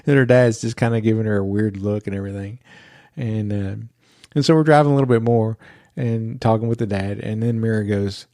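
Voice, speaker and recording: A man's voice: fairly low pitch, fairly quick, mellow, no echo, studio quality. A man hosting a podcast, telling a story in a chatty way and laughing as he goes. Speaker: podcast host. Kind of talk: casual storytelling.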